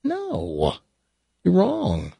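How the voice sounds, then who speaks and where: A man's voice: high voice, huge pitch swings, very slow, gravelly, dark tone, husky, dry recording, pitched above the performer's own voice, heavily acted. A man voicing a sweet young daughter in a spoken joke, giving brief, pleading replies. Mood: protesting.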